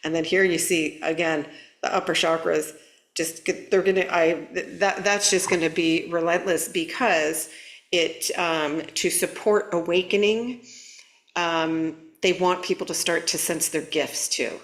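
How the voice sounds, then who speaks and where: A woman's voice: fairly low pitch, fairly even intonation, unhurried. A woman hosting a spiritual channel, talking casually and playfully to her viewers, with frequent fillers and a habit of asking "right?". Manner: playful, laughing, many fillers and rhetorical "right?".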